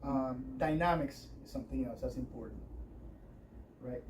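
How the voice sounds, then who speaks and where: A man's voice: medium pitch, moderate pace, darkish tone. A man teaching a guitar workshop, talking in a rambling, conversational way with many fillers. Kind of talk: workshop lesson with playing demonstrations. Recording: distant mic with faint noise.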